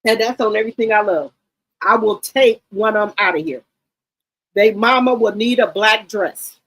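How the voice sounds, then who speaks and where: A middle-aged woman hosting a livestream, telling stories in a casual, animated, slangy chat and often repeating herself. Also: mid-range voice, moderate pace, poor audio. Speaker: livestream host.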